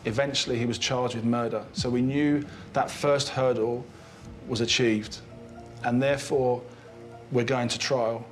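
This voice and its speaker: A man's voice: medium pitch, fairly even intonation, measured pace, soft background music. A man, a police detective giving a documentary interview, who often restarts and repeats words.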